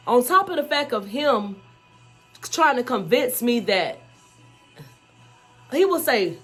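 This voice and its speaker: A woman's voice: on the high side, very animated, a little slow, pauses often, fairly bright tone, breathy edge, faint music behind. A woman telling her own life story to the camera in a candid, emphatic way, often saying "you know" and "y'all". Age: adult, mother of school-age children. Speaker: vlogger. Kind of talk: personal storytelling vlog.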